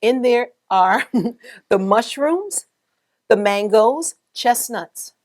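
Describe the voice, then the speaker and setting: A woman hosting a web talk show, lively and encouraging, laughing often with her guests. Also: a little high, very slow. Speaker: host. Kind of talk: upbeat cooking and interview show.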